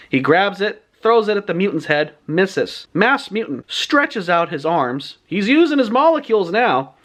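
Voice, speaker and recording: A man recapping a story in casual, animated, indignant storytelling. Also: sits high, normal speed, few pauses. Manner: animated, indignant, laughs often. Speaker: book reviewer.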